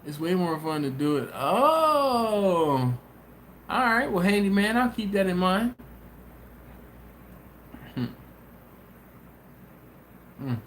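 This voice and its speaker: A man's voice: high voice, takes it slowly, pauses often, slight background noise. A man hosting a live stream, casually chatting and reading viewer comments aloud, telling stories with slang and frequent laughter. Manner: laughs often, animated storytelling, slangy. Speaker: host of a barbecue channel live stream.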